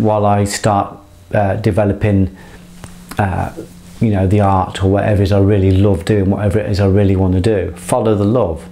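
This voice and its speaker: A middle-aged man with a fairly low voice speaks in an earnest, impassioned monologue. He swears freely and rambles, often restarting his sentences as he pushes his point. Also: warm tone. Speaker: motivational speaker.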